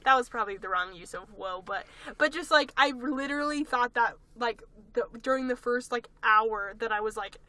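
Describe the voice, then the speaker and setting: A woman's voice: on the high side, normal speed. A young woman co-hosting a podcast in casual chat, a little congested from a recent cold, telling stories with lots of likes and acted-out asides. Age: young adult. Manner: chatty and animated, full of likes and acted-out asides. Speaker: podcast co-host.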